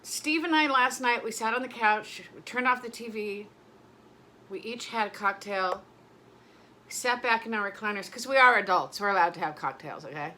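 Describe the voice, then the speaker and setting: In this casual vlog, a middle-aged woman speaks at a moderate pace with a bright, forceful, mid-range voice. She rambles emotionally and keeps breaking off partway through sentences.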